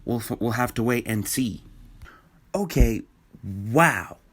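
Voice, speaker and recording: A man's voice: medium pitch, expressive, slow pace, a bit bright, breathy edge. Man giving opinionated casual commentary. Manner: opinionated, thinking aloud with restarts and fillers. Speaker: video commentator. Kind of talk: casual commentary on a film trailer.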